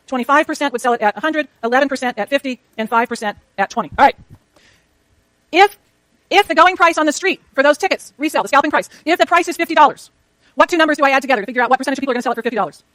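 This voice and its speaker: A woman lecturing a university economics class, rushing through clicker questions and talking to herself as she works her slides. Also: sits high, fairly bright tone, dry recording. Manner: rapid, chatty, self-talk while working slides. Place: lecture hall.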